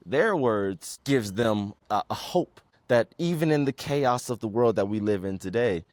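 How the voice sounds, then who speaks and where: A man's voice: medium pitch, darkish tone, no echo. A man hosting a solo podcast, retelling a story and musing earnestly in a reflective tone. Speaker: podcast host.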